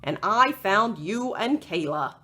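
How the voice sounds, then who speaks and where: A woman voicing a loyal, friendly male dog who tells the story, in her own gentle unhurried voice. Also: mid-range voice, expressive. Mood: earnest. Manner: plain, gentle, slow.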